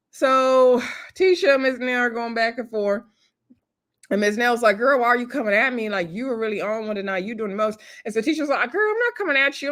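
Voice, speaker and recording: A woman's voice: fairly high pitch, fairly bright tone. A woman casually recapping a reality TV episode, chatty and laughing often, acting out cast members' lines. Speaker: TV show reviewer.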